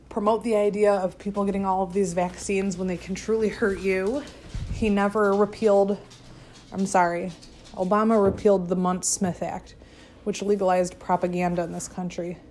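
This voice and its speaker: A woman's voice: mid-range voice, mellow, slight background noise. A woman hosting a podcast, delivering a profane, skeptical political rant with exasperated outbursts. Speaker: podcast host. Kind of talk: ranting political monologue.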